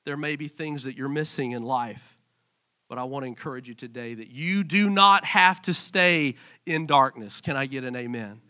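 A man in his thirties preaching a sermon in church, impassioned, dropping to a hush and then rising to emphatic lines. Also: mid-range voice, normal speed. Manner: impassioned, swinging from hushed to emphatic. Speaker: pastor.

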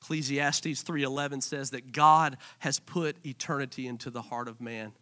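A man in his thirties preaching a sermon in church, impassioned, dropping to a hush and then rising to emphatic lines. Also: medium pitch, fairly even intonation, normal speed. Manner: impassioned, swinging from hushed to emphatic. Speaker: pastor.

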